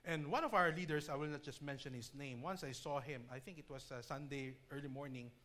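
A man preaching a sermon in his church, emphatic and drawing out key words slowly, often repeating himself as he explains. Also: a little high, bright, forceful tone. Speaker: pastor.

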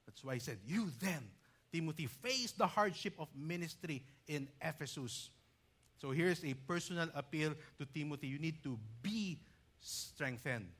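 A man's voice: fairly high pitch, lively intonation, moderate pace, fairly bright tone, slightly rough. A man preaching a sermon, teacherly and emphatic, reading scripture aloud with rising force. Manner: teacherly, explains grammar with asides like "okay".

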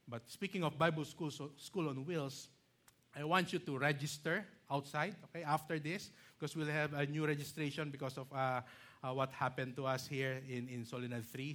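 A man's voice: on the high side, a bit bright. A Filipino man preaching a sermon to his church, emphatic and building on key words, with asides in Tagalog. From Philippines. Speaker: pastor.

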